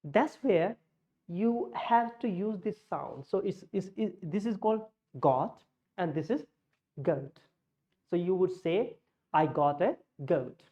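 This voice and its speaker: A woman teaching pronunciation, slowly modeling vowel sounds against each other. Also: mid-range voice, lively intonation, mellow. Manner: slow, explanatory, models sounds in contrast. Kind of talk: pronunciation lesson with slides. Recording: muffled lo-fi audio.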